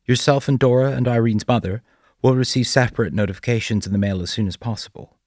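A man voicing a stiff, expressionless male school counselor who talks in a flat, formal way. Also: medium pitch, quick pace, dry recording, clean studio sound, voice pushed up, close to an everyday voice. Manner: flat, formal, unsettlingly calm.

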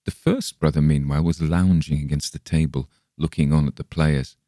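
A man reading a Victorian story aloud as an audiobook narrator, steady and measured, lifting his voice a little for the quoted speech. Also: extremely low pitch, no room sound, clean studio sound. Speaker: audiobook reader. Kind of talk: scripted narration.

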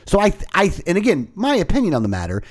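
A podcast co-host with a high voice talks politics at great speed. He's casual, animated, and profane, ranting throughout.

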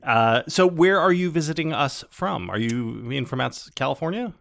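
A man's voice: medium pitch, lively intonation, moderate pace, creaky, a bit bright. A man hosting a podcast in casual chat, joking and rambling with lots of fillers. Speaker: podcast host.

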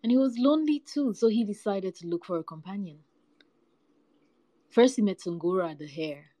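A woman reading folktales aloud with a lively, varied storytelling delivery. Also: medium pitch, moderate pace, no echo, poor audio.

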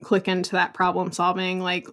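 A woman's voice: fairly low pitch, monotone, moderate pace, fairly bright tone. A young woman on a podcast, chatting casually and telling stories with lots of "like" and "you know". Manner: chatty, storytelling, many likes and you knows. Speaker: podcast guest. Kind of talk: casual chat.

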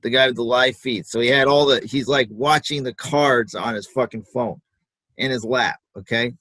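A man's voice: mid-range voice, normal speed, pushed and bright, no room sound, poor audio. A man co-hosting a sports podcast, arguing his point casually with examples and plenty of fillers. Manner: conversational, builds arguments with examples, many fillers. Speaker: podcast co-host.

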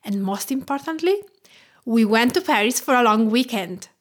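A woman in her thirties from Tuscany with an Italian accent, hosting a food podcast in a warm, enthusiastic, scripted way. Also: a little high, expressive, moderate pace. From Tuscany, Italy. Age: 30s. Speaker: podcast host, cooking teacher.

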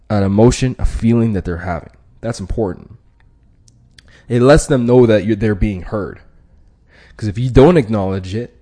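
A man's voice: on the low side, warm tone. A man hosting a podcast, explaining tactics in a casual, conversational way with frequent restarts and slang. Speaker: podcast host. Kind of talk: casual instructional talk.

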